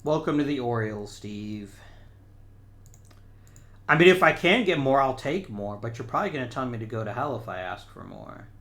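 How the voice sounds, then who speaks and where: Man, gaming host, casual play-by-play thinking aloud, bright tense voice, mid pitch. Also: animated, normal speed. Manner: thinks aloud, talks to players on screen. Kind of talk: casual let's-play commentary.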